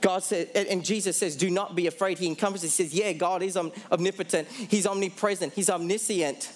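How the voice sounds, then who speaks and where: Emphatic high-voiced male preacher. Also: fairly even intonation. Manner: emphatic preaching, slows down for key phrases; asks the audience questions, then answers them. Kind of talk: sermon.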